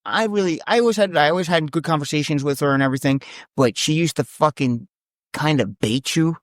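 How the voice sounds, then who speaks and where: A man's voice: fairly high pitch, dry recording, studio quality. Profane man in his forties telling stories. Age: 40s. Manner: profane, drawn-out storytelling. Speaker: podcast co-host. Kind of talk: casual podcast chat.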